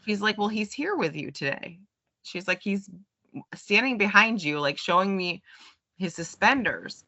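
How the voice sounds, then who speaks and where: Bright-voiced chatty woman, lo-fi. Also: mid-range voice, a little slow. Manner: chatty storyteller, quotes others in lively voices. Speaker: podcast co-host. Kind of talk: casual chat. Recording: dull lo-fi sound.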